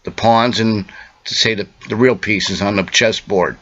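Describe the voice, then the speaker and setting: A man with a lowish, bright and forceful voice lecturing the listener in an urgent, insistent monologue. He stops and restarts with fillers between points. The recording is dull and lo-fi, like a home video. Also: fairly even intonation, a little slow. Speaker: self-made video speaker. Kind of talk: direct-to-camera monologue.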